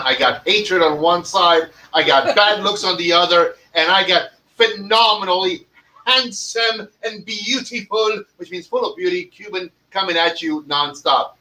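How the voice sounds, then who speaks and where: A man's voice: sits high, pushed and bright. A man hosting a podcast, cracking profane jokes and ribbing his co-hosts in casual banter. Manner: brash, profane, joking banter. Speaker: podcast host. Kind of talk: casual comedic chat. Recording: voice a bit distant from the mic.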